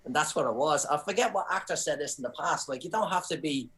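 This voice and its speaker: A man with an Irish accent, a comedian and actor chatting on a podcast, telling lively anecdotes with frequent restarts. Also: a little high, quick pace, poor audio. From Ireland. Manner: animated storyteller, many restarts. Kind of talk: casual podcast chat.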